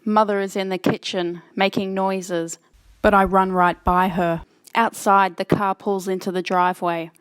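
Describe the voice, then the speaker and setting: A woman narrating a horror audiobook in the first person, with a steady, plain reading manner. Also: mid-range voice, unhurried, clear, resonant tone, no room sound.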